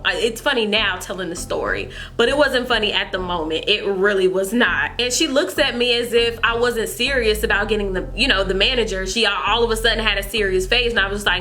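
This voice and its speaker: Bright-voiced young woman vlogger, animated. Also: medium pitch, a little fast, hardly any pauses, faint music behind. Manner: animated, repeats herself, talks straight to viewers. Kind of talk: storytime vlog chat.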